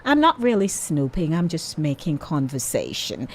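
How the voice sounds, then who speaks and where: A woman's voice: low-pitched, very animated, normal speed, a little mellow. Woman, radio host, casual chat, playful, speaks right to her audience. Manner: chatty, playful, talks straight to listeners.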